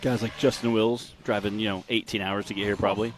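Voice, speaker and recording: A man's voice: on the low side, little pitch movement, quick pace, slight background noise. A man giving casual live commentary on an off-road race, chatty and joking, with restarts and fillers.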